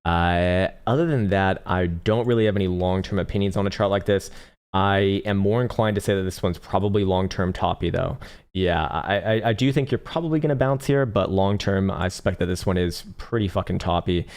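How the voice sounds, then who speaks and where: Low-voiced man analyzing charts live. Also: fairly quick, darkish tone, clear, resonant tone. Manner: profane, blunt, bursts into laughing rants. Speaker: trading livestream host. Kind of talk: live market analysis reading chat.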